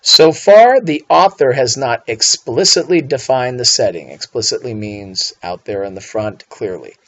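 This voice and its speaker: A man's voice: mid-range voice, animated, unhurried. Man, English teacher, writing lesson, playful asides, mock outrage, muffled lo-fi sound. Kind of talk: recorded classroom lesson on writing. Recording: dull lo-fi voice recording.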